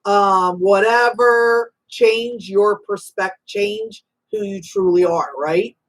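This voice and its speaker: A woman's voice: medium pitch, big pitch swings, slow, gravelly. A woman hosting a live call-in spiritual reading show, talking in an emphatic, motherly way and calling guests honey and sweetie. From Italian-American background. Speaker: psychic reader and show host.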